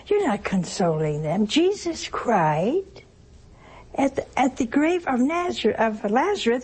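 Preaching on works of mercy, this older woman has a high-pitched voice with a husky, darkish tone. She keeps things homespun and teasing, tossing out rhetorical questions and acting out bits of everyday life.

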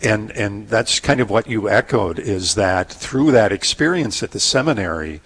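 Husky man, thoughtful co-host. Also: on the low side, animated, fairly bright tone. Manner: halting, many fillers and restarts, thoughtful. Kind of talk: casual interview chat.

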